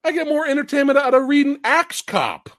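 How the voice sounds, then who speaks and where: A man hosting a casual film podcast, ranting profanely and laughing loudly as he talks. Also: extremely high pitch, lively intonation, a little fast, no room sound. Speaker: host.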